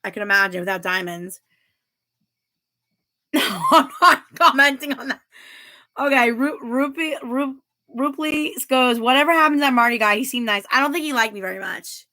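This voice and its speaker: Bright-voiced giggly woman streamer. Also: sits high, brisk. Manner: chatty and giggly, laughs often. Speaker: livestream host. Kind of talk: casual chat reading viewer comments aloud.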